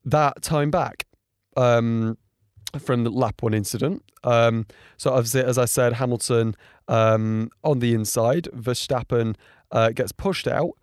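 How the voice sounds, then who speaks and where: A man giving casual reaction commentary on race highlights, rambling with frequent ums and getting indignant. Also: steady tone, unhurried, dry recording, studio quality. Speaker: motorsport commentator.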